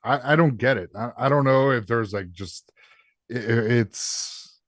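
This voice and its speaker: A man in a casual podcast chat, halting and restarting, swearing for emphasis. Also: medium pitch, no echo, studio quality. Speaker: podcast co-host.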